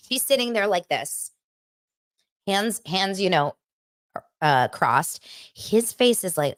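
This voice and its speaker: A woman hosting a podcast, chatting in a gossipy, animated way as she recaps a reality show. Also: mid-range voice, measured pace, long pauses, dry recording, studio quality. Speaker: podcast host.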